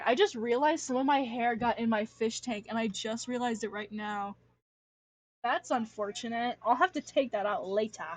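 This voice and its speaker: A woman's voice: on the high side, no room sound. A young woman from Alaska rambling casually on a livestream, slangy, self-deprecating and swearing freely, speaking at home at her computer. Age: young adult. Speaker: streamer. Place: home room.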